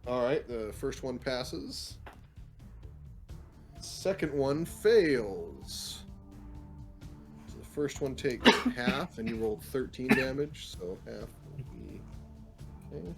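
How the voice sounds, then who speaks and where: A man's voice: medium pitch, slow pace, vocal fry, pauses often, music in the background. Laughing man running a tabletop game. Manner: relaxed, laughs often while ruling on dice rolls. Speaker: game master.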